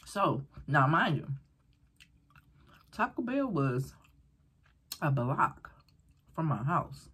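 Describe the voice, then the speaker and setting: A woman vlogger casually telling a story while eating, animated and rambling, acting out the voices of people she quotes. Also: low voice, very slow, pauses often. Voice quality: very breathy, husky.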